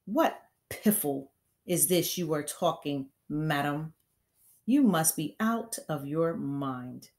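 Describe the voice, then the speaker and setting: A woman voicing a huge, furious headmistress who barks and booms her scorn, read aloud from a storybook. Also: expressive, slow pace, exaggerated voice. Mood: scornful, bellowing. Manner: loud barking, booming delivery.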